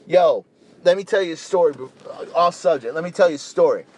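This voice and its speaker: A young Caribbean man, a vegan speaker, rambles in a casual, animated talk to camera, sprinkling in "you know" constantly. His voice is fairly high and his pace brisk.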